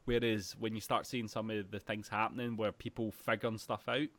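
A man chatting about films on a podcast, animated and laughing a lot. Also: fairly low pitch, a little fast, no room sound. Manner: animated, laughs often, acts out scenes loudly. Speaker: podcast co-host. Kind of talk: casual film chat.

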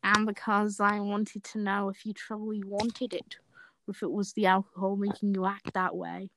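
A woman voicing a gentle young man love interest, speaking slowly and softly in a comic fanfic reading. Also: medium pitch, little pitch movement, a little hiss or hum, lightly acted. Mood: tender. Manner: slow, soft, drawn-out delivery.

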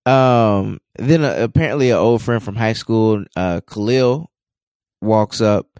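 Smooth, slightly mellow and lowish, this man speaks at a measured pace in studio-quality audio without echo. He co-hosts a podcast, casually recapping an episode in a rambling way packed with "you know" fillers.

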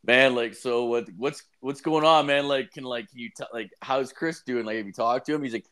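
A young man rattling through a story on his podcast, swearing in nearly every line. He keeps restarting his sentences and jumps into a louder, higher voice to act out what people said. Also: moderate pace, clean tone. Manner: rambling, swears constantly, acts out quotes in raised voice. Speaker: podcast co-host. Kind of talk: casual profane chat.

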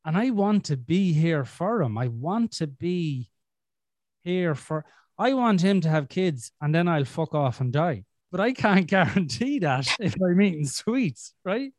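A man's voice: fairly high pitch, very animated, unhurried, darkish tone, no room sound, clean studio sound. A man hosting a podcast in casual chat, blunt and sweary with a self-deprecating streak. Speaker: podcast host.

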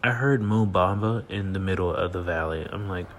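Man, late-night solo podcast host, low voice, sleepy, loose rambling delivery, faint hiss behind. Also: moderate pace. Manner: rambling, laid-back, laughs often, trails off with fillers. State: sleepy, yawning. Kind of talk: casual solo podcast monologue. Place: at home at night.

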